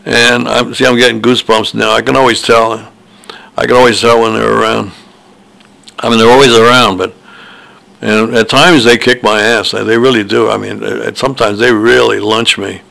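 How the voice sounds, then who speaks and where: A man's voice: lowish voice, level tone, normal speed, vocal fry, sharp tone, poor audio. An older man, an author, telling personal stories in a meandering, hesitant monologue full of fillers and restarts. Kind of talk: rambling personal storytelling monologue.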